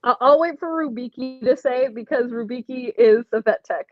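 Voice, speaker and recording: A woman's voice: fairly high pitch, moderate pace, muffled recording, faint music behind. A young woman hosting a casual livestream giveaway, chatting and laughing while reading comments from chat aloud. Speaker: livestream host running a giveaway.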